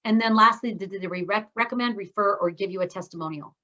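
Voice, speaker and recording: Speaking quickly in a pushed, bright mid-range voice, a middle-aged woman coaches a speaking course and talks right to her students. Her manner is upbeat and encouraging, carried over a video call whose sound is slightly dull and lo-fi.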